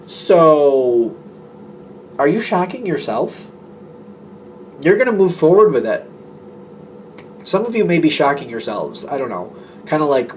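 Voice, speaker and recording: Male tarot reader with a somewhat high voice, chatty and meandering, slight background hiss. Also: lively intonation, unhurried, pauses often, darkish tone. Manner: chatty, rambling, acts out imagined dialogue. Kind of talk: casual tarot reading monologue.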